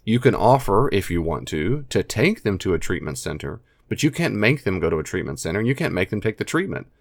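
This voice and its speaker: A man's voice: lowish voice, very animated, fairly quick, vocal fry, dry recording, studio quality. A man with an American accent giving earnest, emphatic advice straight to camera, often repeating his key phrases. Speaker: advice speaker on addiction and family. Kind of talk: direct-to-camera advice talk.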